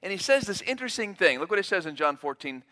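A man's voice: sits high, sing-song, quick pace, pushed and bright. A man preaching a sermon, emphatic, acting out quotes in a raised voice. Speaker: pastor.

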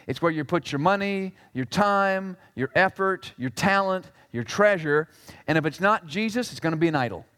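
A male pastor preaching a sermon in an animated way. He swings between loud exclamations and quiet asides and slips in jokes. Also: high voice, clean tone, big-room sound.

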